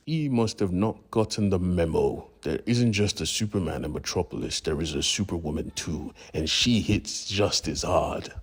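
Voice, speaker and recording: Low husky man retelling a comic. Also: moderate pace, few pauses. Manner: casual, profane, slangy retelling. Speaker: comic book recap narrator. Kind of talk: casual storytelling recap.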